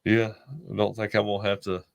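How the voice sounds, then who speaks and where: A man in his thirties, a podcast guest, talking in an easygoing, halting way. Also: fairly low pitch, completely flat delivery, gravelly. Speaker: podcast guest, former quarterback. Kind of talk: casual sports podcast chat.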